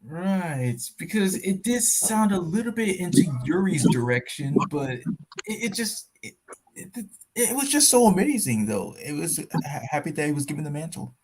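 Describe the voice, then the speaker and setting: A man joining a casual fan discussion, excitable and stumbling over his words. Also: on the high side, normal speed, poor audio.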